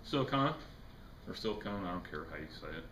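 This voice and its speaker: A man's voice: low voice, expressive, fast talker, fairly bright tone. A man teaching a chemistry class, lecturing casually, joking and quizzing his students. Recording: echoey classroom with faint noise.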